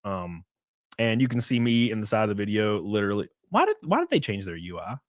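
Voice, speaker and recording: Male streamer, lively pitch, dry close sound, loose chatty delivery with swearing and laughs. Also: brisk, dry recording. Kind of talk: casual live-stream chat.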